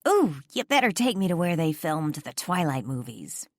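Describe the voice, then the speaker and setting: A woman voicing a teasing, bubbly young female best friend in a lively way. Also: low-pitched, normal speed, no room sound, studio quality, exaggerated voice.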